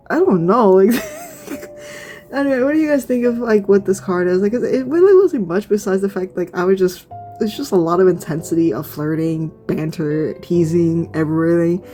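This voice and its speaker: A woman's voice: on the low side, normal speed, dark tone, soft background music. Gushing young woman reacting. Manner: gushing, swearing, frequent laughs. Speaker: streamer reacting to a game. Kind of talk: excited reaction commentary.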